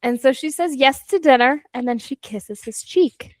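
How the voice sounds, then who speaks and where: A woman's voice: sits high, normal speed, no echo. A young woman co-hosting a book club podcast, casually retelling a novel's plot and acting out the characters' lines, swearing freely. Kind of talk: casual chat recapping a novel.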